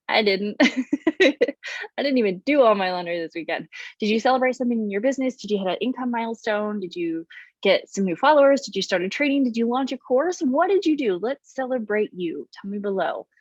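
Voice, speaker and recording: A woman in her thirties hosting her own vlog as a business coach, talking to camera in a bubbly, animated way with playful exaggerated voices. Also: a little high, normal speed, no room sound, highs cut off. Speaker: business coach and channel host. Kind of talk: upbeat direct-to-camera vlog.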